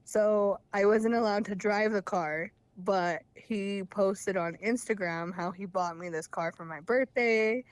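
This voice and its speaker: Young woman caller, candid rambling storyteller with nervous laughs, middle pitch, dry close sound. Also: measured pace, few pauses, no echo. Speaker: caller sharing her story. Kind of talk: casual personal storytelling.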